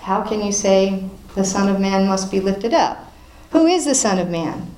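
A woman's voice: medium pitch, animated, moderate pace, a little mellow. Woman leading a Bible study in a roomy space. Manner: reads passages aloud, then explains and quizzes the group. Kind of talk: reading scripture and teaching a group. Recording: roomy echo with faint noise.

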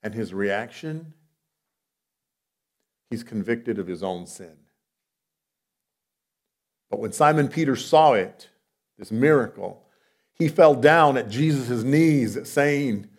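A man preaches a sermon in a conversational manner, posing rhetorical questions and swinging from loud, emphatic lines to soft, low asides. His intonation is lively, and he goes slowly with long pauses.

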